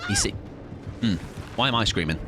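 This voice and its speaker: A man's voice: mid-range voice, huge pitch swings, a little fast, music in the background. A young man chatting playfully and joking as he streams a game. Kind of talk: casual live-stream gaming chat.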